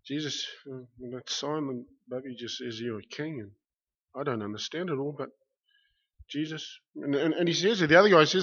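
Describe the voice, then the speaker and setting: A man's voice: on the high side, moderate pace, slightly rough. Impassioned preacher man, muffled recording. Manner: impassioned, swings from hushed to loud, repeats phrases. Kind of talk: sermon.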